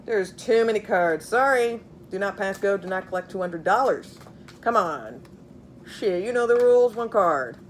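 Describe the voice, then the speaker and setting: A woman's voice: medium pitch, animated, normal speed, a little hiss or hum. A woman giving a casual tarot reading, blunt and profane, talking to viewers with lots of fillers and repeats. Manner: blunt, swears freely, many fillers; chatty, repeats herself while pulling cards. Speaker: tarot reader.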